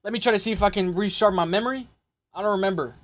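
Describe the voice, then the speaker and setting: A young man hosting a casual fight-prediction show, rambling and excitable, repeating himself and swearing often. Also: sits high, very fast, heavy background noise. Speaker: MMA podcast host.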